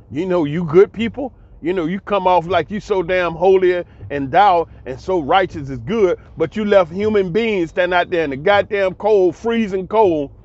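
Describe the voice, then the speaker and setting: A man's voice: high voice, darkish tone, muffled recording. A man, giving a heated, preachy monologue that repeats itself. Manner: preachy, ranting, repetitive. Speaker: commentary channel host.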